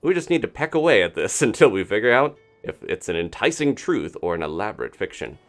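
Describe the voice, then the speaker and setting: A man's voice: on the low side, sing-song, fairly quick, soft background music. A man voicing a chatty male pelican newspaper reporter in a folksy reporter voice, full of bird puns. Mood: eager.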